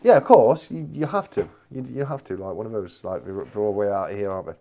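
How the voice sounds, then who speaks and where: A man's voice: fairly low pitch, lively intonation, fast talker, dark tone. A man hosting a casual live chat, answering viewers and repeating his phrases with plenty of "mate.". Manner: chatty, repeats phrases, calls everyone mate. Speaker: livestream host.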